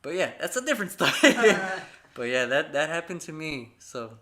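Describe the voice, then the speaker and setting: Young guy, high bright voice, profane rambling storyteller, podcast co-host. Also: very animated, normal speed. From part Mexican family. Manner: profane, rambling, acts out quotes. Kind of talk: casual storytelling among friends.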